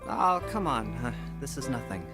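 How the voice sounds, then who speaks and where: A woman's voice: a bass voice, big pitch swings, normal speed. Woman voicing a brash stubborn young boy. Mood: defiant. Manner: defiant, brushing off pain. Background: game music.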